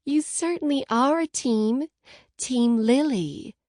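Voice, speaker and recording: A woman's voice: high voice, slow pace, mellow, no echo, studio quality, voice pushed up. Woman voicing Lily, a teasing bride-to-be. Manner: teasing, bubbly, pushy. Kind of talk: audiobook character voice.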